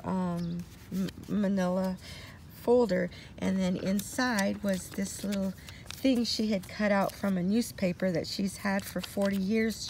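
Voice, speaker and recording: A woman's voice: medium pitch, gravelly, a little mellow, slight background noise. A woman in her sixties telling a personal story in a meandering way that keeps circling back. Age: 60s. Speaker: vlogger.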